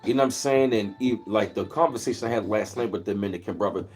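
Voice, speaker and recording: A man's voice: lowish voice, fast talker, darkish tone, faint music behind. A man hosting a casual livestream, telling rambling, easygoing stories and greeting viewers in between. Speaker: livestream host. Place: at home, where he lives in Maryland.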